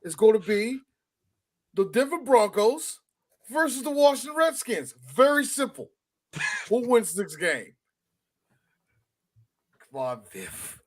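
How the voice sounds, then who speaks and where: A man co-hosting a live podcast, an animated, profane storyteller who acts out scenes as he goes. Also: very high voice, a little slow, pauses often. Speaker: podcast co-host. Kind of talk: live podcast chat about a film.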